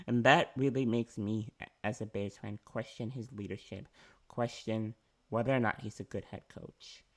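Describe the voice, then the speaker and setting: A man gives a heated, frustrated rant about his football team, circling back over the same points and restarting his sentences. His voice sits a little low. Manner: frustrated, repetitive, restarts often. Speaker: sports fan vlogger. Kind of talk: ranting sports commentary.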